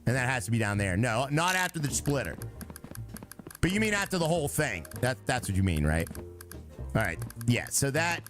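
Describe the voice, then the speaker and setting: Young male streamer, joking and chatty with his viewers, lively up-and-down delivery. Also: medium pitch, moderate pace, soft background music. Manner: chatty, talks to himself and chat; joking, breaks into sung lines. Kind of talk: live game stream chat.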